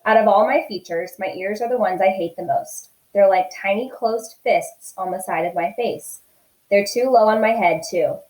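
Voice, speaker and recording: A woman's voice: medium pitch, normal speed, roomy sound, low-quality recording. Woman teacher reading a novel aloud. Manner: expressive, steady storytelling.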